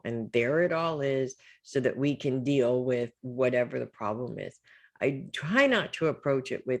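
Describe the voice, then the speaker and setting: This psychic reader gives her weekly reading as casual advice in an animated bass voice at normal speed. She talks loosely and reassuringly, often asking "okay?" or "right?", and trails off with "blah, blah".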